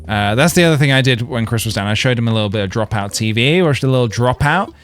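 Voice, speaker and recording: A man's voice: medium pitch, lively intonation, quick pace, faint music behind. A man streaming a video game, chatting playfully and joking with his viewers. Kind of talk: casual gaming livestream chat.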